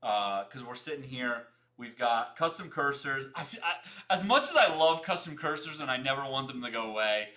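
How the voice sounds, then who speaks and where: A young man hosts a casual livestream, his voice bright and forward. He talks fast, repeats phrases and chats straight to his viewers. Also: medium pitch, expressive. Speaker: livestream host.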